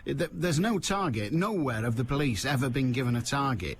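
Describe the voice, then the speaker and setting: A man hosting a phone-in radio show, talking bluntly and forcefully. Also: mid-range voice, expressive, a little fast, slight background noise. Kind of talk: opinionated radio talk.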